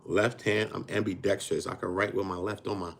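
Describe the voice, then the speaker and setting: Gravelly guy on a livestream, low voice, brags a lot, blunt street slang. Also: level tone, fairly quick. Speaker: livestream host. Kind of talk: casual livestream chat.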